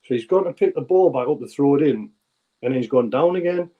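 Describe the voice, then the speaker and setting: A man's voice: mid-range voice, expressive, fairly quick, phone-quality sound. A man in his forties with a North East English accent, a former footballer telling rambling stories as an interview guest. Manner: rambling anecdotal storyteller, many restarts. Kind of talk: casual interview chat.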